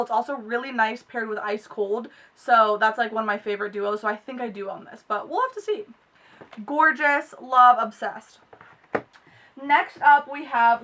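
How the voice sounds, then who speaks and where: A young woman unboxing makeup in a vlog, gushing and excitable with gasps and squeals. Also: high voice, far from the mic. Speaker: beauty vlogger.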